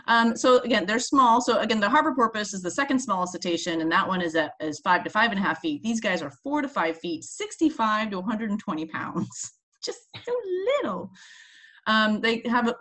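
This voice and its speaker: A woman's voice: mid-range voice, animated, a little fast, a bit bright. A woman scientist co-hosting a casual educational chat, explaining animal facts in a chatty way and laughing often. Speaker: marine mammal scientist co-host.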